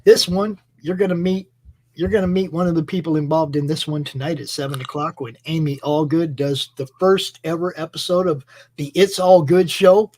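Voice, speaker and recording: A man's voice: a little high, fairly even intonation, moderate pace, a little mellow, low-quality recording. A man hosting a casual chat, enthusiastic and rambling, with many fillers and restarts. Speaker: host. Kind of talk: casual chat about comic books.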